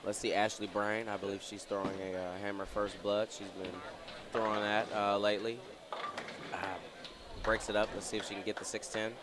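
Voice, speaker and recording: A man's voice: on the low side, level tone. Hype male bowling co-commentator, noisy alley. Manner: hype, quick quips. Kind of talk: live sports commentary. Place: commentary booth at a bowling center.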